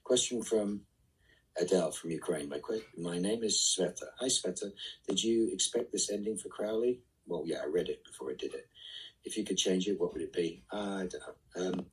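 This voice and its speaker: A man reading fan questions aloud and answering them casually in a live online Q&A, often trailing off into soft asides. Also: deep voice, normal speed, slightly rough, distant mic, low-quality recording.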